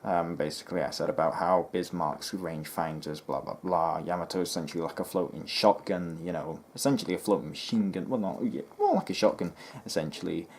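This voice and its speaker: Low-voiced guy ranting casually. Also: fairly quick, few pauses, a little hiss or hum. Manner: chatty and exasperated, lots of ums and restarts. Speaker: history video host. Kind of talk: casual rambling commentary to camera.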